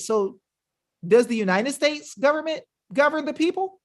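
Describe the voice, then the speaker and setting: A man's voice: extremely high pitch, expressive, moderate pace. A man hosting a webinar in an emphatic, combative, slangy manner, talking casually to his viewers. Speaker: webinar host. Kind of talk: fiery casual livestream talk.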